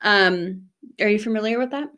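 A young woman co-hosting a podcast in a loose, chatty way. She tells stories with frequent swearing and easy laughter, in a voice of ordinary pitch. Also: moderate pace, bright, forceful tone. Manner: chatty storyteller, swears freely, laughs often. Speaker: podcast co-host. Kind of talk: casual chat.

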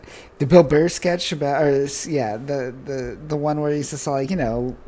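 A man's voice: on the high side, steady tone, moderate pace, dark tone. A man co-hosting a casual podcast, recapping a comic story in a rambling, joking way with many fillers. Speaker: podcast co-host.

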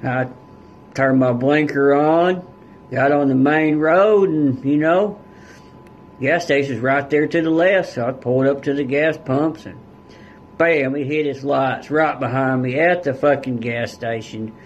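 A man's voice: mid-range voice, measured pace, dull audio, slight background noise. A man guest on a podcast telling a story in a casual, blunt way, with heavy swearing and rural turns of phrase. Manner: blunt and heavily profane, rural dialect.

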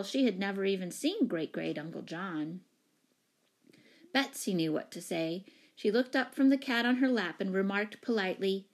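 A woman reads a children's story aloud, her mid-pitched voice steady and clear. She keeps an even storytelling manner between the characters' lines. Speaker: audiobook narrator. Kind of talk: storybook reading.

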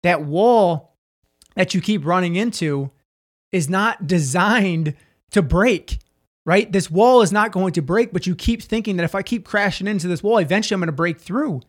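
A man's voice: sits high, normal speed. Intense swearing man telling his story. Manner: intense, swears freely, emphatic repetition. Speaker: podcast guest, healer. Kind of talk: candid storytelling.

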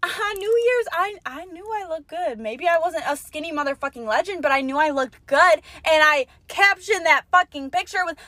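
Young woman podcaster, high voice, swears a ton, rambly, mumbles then yells, dry close mic. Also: expressive, moderate pace, hardly any pauses, no echo. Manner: profane, rambling, swings from mutter to loud yelling. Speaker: podcast host. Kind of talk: solo podcast rant.

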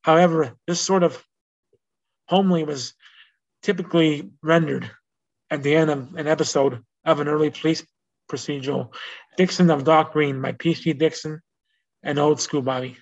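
A man with a slightly high voice hosts a casual solo podcast about music history, reading notes aloud and wandering off into asides with restarts. The recording sounds dull and lo-fi. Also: fairly even intonation, normal speed, pauses often. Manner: rambling, with restarts and self-corrections; reads out notes in a plain informational way. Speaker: podcast host.

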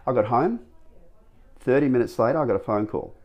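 A man, telling his stories as an interview guest, rambling and animated with many restarts. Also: mid-range voice, brisk, muffled recording. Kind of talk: casual storytelling interview.

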